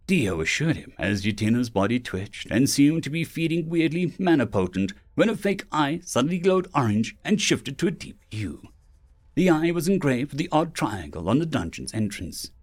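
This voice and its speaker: A man narrating a fantasy web novel as an audiobook, lifting his voice for the characters' lines. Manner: lively, raises pitch for character lines.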